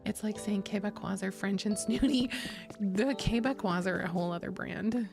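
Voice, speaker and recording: A woman's voice: medium pitch, normal speed. A woman chatting casually to her viewers while streaming a game, giggly and rambling with many restarts. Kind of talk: casual gaming stream chat. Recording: clear game music underneath. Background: game music.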